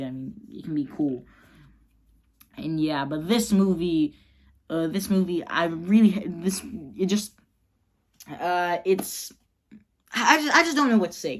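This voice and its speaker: A low-voiced woman hosting her channel excitedly rambles through a casual fan pitch for a movie idea, heavy with filler words.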